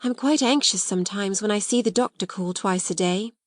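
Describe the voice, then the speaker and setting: A woman's voice: medium pitch, fairly quick, dry recording, clean studio sound, close to an everyday voice. A woman voicing a proud young schoolgirl who speaks in a grand, polite, self-possessed way. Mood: earnest.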